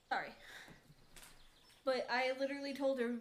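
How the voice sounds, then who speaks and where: A woman's voice: high-pitched, steady tone, moderate pace. A woman streamer chatting casually and rambling to herself while playing a game at home. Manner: rambling, chatty, self-talk between game actions. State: out of breath.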